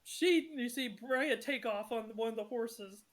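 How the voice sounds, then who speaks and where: A woman's voice: fairly high pitch, measured pace. A woman narrating a tabletop game session as game master, chatty and apologetic with many fillers.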